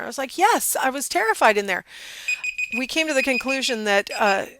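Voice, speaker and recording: A middle-aged woman gives a casual psychology lecture, telling a personal story and quoting people in a lively, animated way. Her voice is a little high, and there's no room sound.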